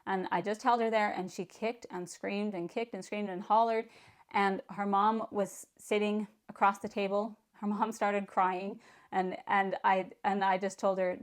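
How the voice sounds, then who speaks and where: A woman's voice: medium pitch, moderate pace. Frank middle-aged woman telling a parenting story. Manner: calm, frank, repeats words when starting sentences. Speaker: parenting vlogger. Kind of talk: casual storytelling to camera.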